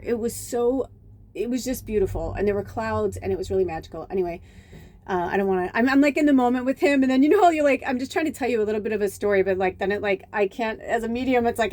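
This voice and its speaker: A middle-aged woman from Chicago, a spiritual medium, telling a rambling, digressive personal story in a casual vlog, swearing now and then and acting out quoted dialogue. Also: fairly high pitch. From Chicago, USA. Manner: acts out quoted dialogue with lively reactions.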